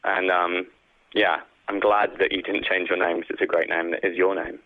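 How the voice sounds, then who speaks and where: A man's voice: sits low, flat delivery, moderate pace. A man, a guest actor, talking earnestly and reflectively in a casual interview, heard over a phone line. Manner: reflective, earnest, with many fillers. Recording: tinny phone-line sound.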